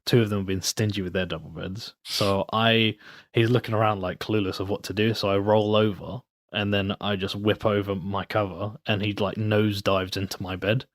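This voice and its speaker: A young man chatting casually as a podcast guest, telling a long story in a relaxed way and acting out his friends' lines. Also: lowish voice, moderate pace, no echo, clean studio sound. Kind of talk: casual chat.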